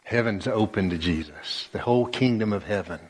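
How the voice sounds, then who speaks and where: A man preaching a sermon as pastor, slow and emphatic, pausing often and repeating phrases. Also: on the low side, breathy edge. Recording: long reverb of a church hall.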